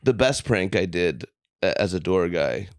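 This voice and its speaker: A man on a comedy podcast telling animated anecdotes, laughing through them. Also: sits low, unhurried, clear, resonant tone, no echo, studio quality. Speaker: guest comedian. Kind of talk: casual podcast chat, storytelling.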